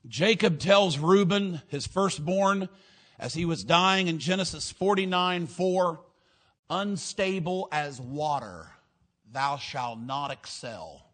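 Male preacher, high voice, rhythmic rhyming delivery, shouts for emphasis. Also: lively intonation, takes it slowly. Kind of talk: fiery sermon.

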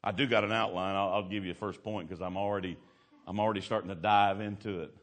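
A man preaching a sermon in a folksy, colloquial way. He swings from loud, climbing exclamations to hushed storytelling. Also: low voice, fairly even intonation, fast.

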